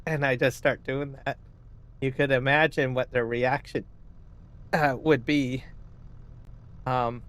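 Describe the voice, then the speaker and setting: A man streaming a farming game, chatting casually and rambling, often asking "right?" and clearing his throat. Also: medium pitch, a little slow, long pauses, a bit bright. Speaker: gaming streamer. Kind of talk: casual live-stream chat.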